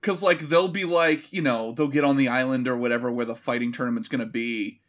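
A man's voice: medium pitch, fairly even intonation, a little fast, fairly bright tone. A man in casual movie-review chat, sarcastic and profane, mockingly acting out characters. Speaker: podcast co-host.

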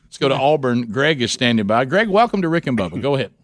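A man's voice: mid-range voice, sing-song, dry recording. Guy hosting morning radio, laid back, dry close mic. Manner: easygoing, laughs often, quick banter. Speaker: radio show host. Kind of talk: morning talk radio, taking calls. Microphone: studio mic.

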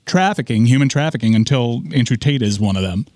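A man's voice: medium pitch, lively intonation, brisk, a little mellow, no echo. A man co-hosting a talk radio show, giving sardonic, pointed commentary in casual banter.

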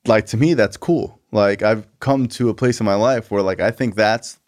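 A man's voice: on the low side, moderate pace, darkish tone. Laid-back man hosting a talk show. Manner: laid-back, peppered with "like" and "you know". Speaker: podcast host. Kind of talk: casual recovery talk.

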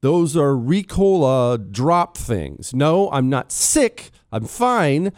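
A man's voice: on the high side, big pitch swings, takes it slowly, darkish tone, dry recording, clean studio sound. A man hosting a talk radio show, speaking in a blunt, sarcastic, conversational way while losing his voice. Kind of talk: opinionated talk radio monologue. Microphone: studio microphone.

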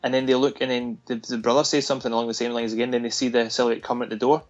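A man excitedly recounting a zombie film's scenes and dropping into the characters' voices as he goes. The audio is a bit dull and lo-fi, with faint music underneath. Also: medium pitch, very fast. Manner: animated retelling with laughs, acting out lines. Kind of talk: casual film discussion.

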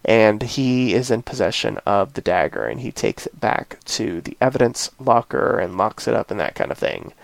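A man's voice: lowish voice, animated, moderate pace, vocal fry, few pauses, no room sound. A man hosting a casual chat, retelling a TV episode in a rambling way with lots of filler phrases and emphatic opinions. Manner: rambling retelling full of "you know" and "this, that, or the other". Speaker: podcast host.

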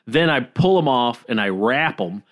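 An easygoing man chats on a podcast. He tells a story at a relaxed pace with lots of "uh" pauses and little self-deprecating chuckles. His voice is average in pitch. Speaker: podcast co-host. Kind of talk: casual chat.

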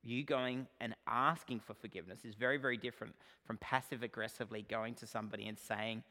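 Earnest pastor preaching in a reverberant hall. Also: male voice, mid-range voice, steady tone, fast talker, hardly any pauses. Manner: earnest, shifts between emphatic and quiet asides. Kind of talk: sermon. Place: church sanctuary.

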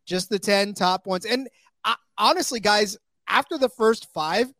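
High-ish guy hosting a betting pod, rambly and jokey, dry close mic. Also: measured pace, pushed and bright, dry recording. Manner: chatty, jokey, many fillers. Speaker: podcast host. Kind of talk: casual sports betting chat.

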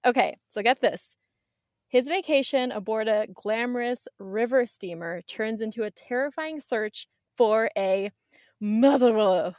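A bubbly woman co-hosts a casual podcast in a fairly high voice. She presents movie news with a playful touch, recorded dry and close to the mic. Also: moderate pace, dry recording. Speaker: podcast co-host. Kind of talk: casual chat.

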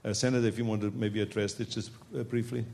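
A man's voice: lowish voice, little pitch movement, fast talker, vocal fry, a little mellow. A man speaking as governor in a panel discussion, emphatic and repetitive, with frequent fillers.

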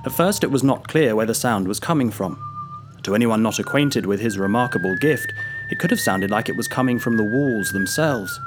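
A man narrating a story in a measured, grave and vivid way. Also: medium pitch, animated, music in the background.

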